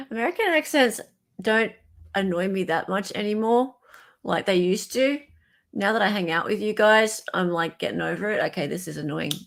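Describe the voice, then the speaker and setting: A woman with an Australian accent hosting a casual live stream, chatting and joking with quick asides. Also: mid-range voice, vocal fry. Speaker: livestream host.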